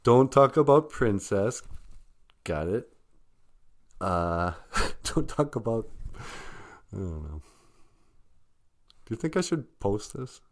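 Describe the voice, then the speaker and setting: A man with a lowish voice hosts a show, talking in an unhurried, rambling way. He gets emotional, laughs often and lets his sentences trail off. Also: big pitch swings. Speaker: show host. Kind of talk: rambling personal talk.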